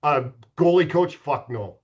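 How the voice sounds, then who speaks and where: A middle-aged man, once a hockey goalie, guests on a podcast in a fairly high, animated voice at a measured pace, with the highs cut off in the audio. He tells profane stories, laughing and frequently restarting his sentences in casual chat.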